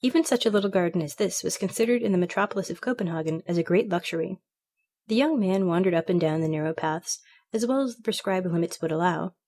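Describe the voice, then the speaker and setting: Female narrator for a classic fairy tale reading, measured and expressive. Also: fairly low pitch. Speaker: storybook reader. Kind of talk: scripted narration.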